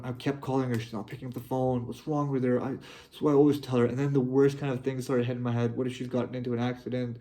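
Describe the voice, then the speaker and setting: Soft-spoken young man, heartfelt. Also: medium pitch, flat delivery. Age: young adult. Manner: heartfelt, halting with many restarts. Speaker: vlogger. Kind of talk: personal reflective monologue.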